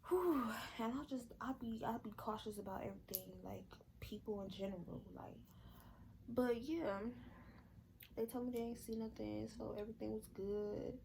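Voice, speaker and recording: امرأة شابة تروي قصة بعفوية. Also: female voice, a little high, moderate pace, vocal fry, mellow, slight background noise, rough recording. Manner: candid, rambling, with slang and swearing. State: out of breath. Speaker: vlogger. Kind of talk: casual storytime vlog.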